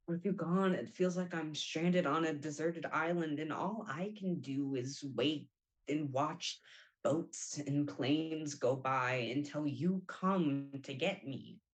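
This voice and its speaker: A young woman playing a lonely woman leaving a pleading, emotional voicemail in a stage monologue. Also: low-pitched.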